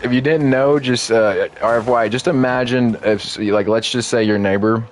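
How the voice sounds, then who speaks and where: A man's voice: mid-range voice, fairly even intonation, moderate pace, a little hiss or hum. A man streaming a game, chatting loosely and rambling with lots of filler words. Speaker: gaming streamer. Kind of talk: casual live-stream commentary.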